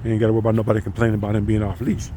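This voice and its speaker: A man's voice: lowish voice, flat delivery, racing, dark tone, a little hiss or hum. A man vlogging outdoors in a park, talking casually and profanely, rambling with lots of "you know.". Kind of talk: casual walking vlog.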